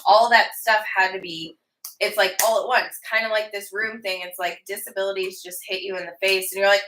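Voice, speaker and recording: Bright-voiced woman chatting haltingly. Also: medium pitch, fairly even intonation, poor audio. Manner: halting, many filler words. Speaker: podcast co-host. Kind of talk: casual chat.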